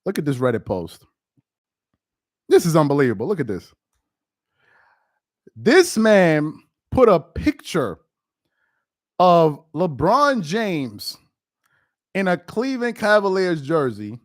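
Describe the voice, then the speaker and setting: A man talks through a casual sports live stream in a fairly high voice that swings widely up and down. He laughs often and trash-talks. The sound is dry and close. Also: slow pace, long pauses, no echo. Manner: animated, laughing, trash-talking.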